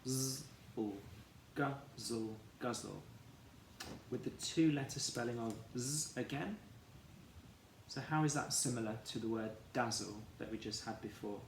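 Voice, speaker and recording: A man teaching a phonics lesson for children, sounding out each letter slowly and carefully. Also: mid-range voice, creaky. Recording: echoey room, faint background noise.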